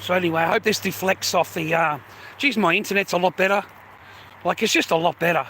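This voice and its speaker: An Australian man on a casual livestream, grumbling and cursing at his viewers with frequent laughs. His voice sits high for a man and sounds bright and forceful. A faint hiss runs under it. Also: fairly quick. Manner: swearing, griping, laughs often. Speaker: live streamer.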